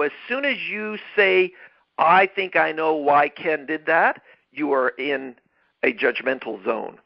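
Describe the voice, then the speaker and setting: A man's voice: a little high, gravelly, dull audio. A man hosting a podcast, giving an emphatic motivational talk on leadership, often repeating and restarting phrases. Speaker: podcast host.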